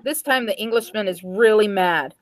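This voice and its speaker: A woman's voice: mid-range voice, moderate pace, dry recording, rough recording. A woman reading jokes aloud to friends in a casual chat, giving the dialogue small changes of voice. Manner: lively joke-telling, dialogue read with small changes of voice. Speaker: host telling jokes.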